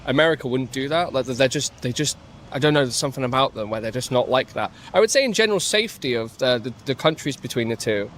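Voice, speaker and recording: A man's voice: mid-range voice, lively intonation, quick pace, a bit bright. A man answering questions in a street interview outdoors, hesitant and careful, often restarting his sentences.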